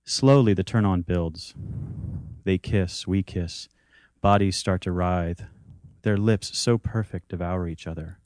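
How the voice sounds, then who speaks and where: A man with a very low voice reads his own intimate story aloud, measured and unhurried in delivery. The sound is close and dry, with no room around it. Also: a little mellow, dry recording. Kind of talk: reading a first-person story aloud.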